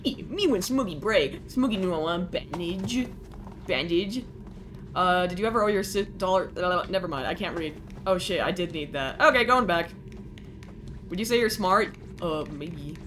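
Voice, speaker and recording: A young woman streaming a video game, reacting excitably, joking, swearing and chatting with her viewers. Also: fairly low pitch, moderate pace, noisy background. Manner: excitable, jokey, swears freely, talks to chat. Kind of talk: live gameplay commentary, chatting with viewers. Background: game music.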